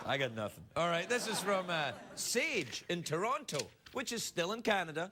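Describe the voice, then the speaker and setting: Animated male late-night host riffing. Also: high-pitched, normal speed, few pauses. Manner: animated, mock-indignant, riffing. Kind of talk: comedic bit reading viewer emails. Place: TV studio with live audience. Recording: loud studio audience, live-broadcast noise.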